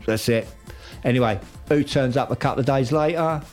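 A man's voice: medium pitch, fairly quick, darkish tone, faint music behind. Rambling man recapping soap plots. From United Kingdom. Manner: chatty, rambling storyteller with slangy asides. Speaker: radio show regular recapping a soap opera. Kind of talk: casual chat.

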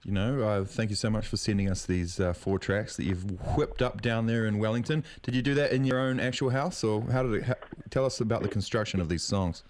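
A man's voice: fairly low pitch, fairly quick, few pauses, a little mellow, slight background noise. A man hosting a live radio interview, with laid-back, slangy banter. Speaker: radio host.

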